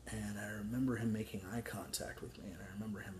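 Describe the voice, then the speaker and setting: A young man telling a personal story to camera in an earnest, candid way, halting often with restarts and fillers. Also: on the low side, steady tone, background noise. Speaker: vlogger telling his story.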